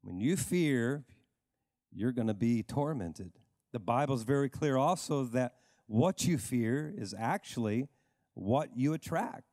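A male pastor preaching a sermon in an emphatic way, repeating phrases and dropping low for stress. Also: animated, slow, warm tone, no echo, clean studio sound, big-room sound.

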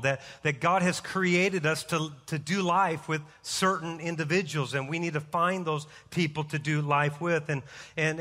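A middle-aged pastor preaches with energy, mixing jokes into his sermon. His voice sits high and bright. A long hall reverb from the church sanctuary trails each phrase. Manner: energetic, joking storyteller.

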